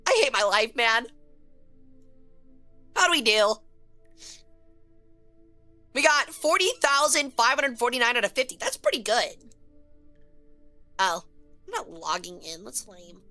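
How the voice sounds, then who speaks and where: A woman streaming a game with a high, bright voice, talking casually to her viewers. She is excitable and swears freely when a guess goes wrong. Faint music plays under her talk. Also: clean tone.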